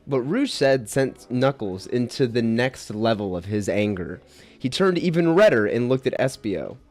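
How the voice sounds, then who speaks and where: A man reads his goofy fan story aloud with a lively, bouncing voice, giggling and tripping over his words. Faint music plays underneath. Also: medium pitch, moderate pace. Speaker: narrator and creator. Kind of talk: comic reading of a fan story.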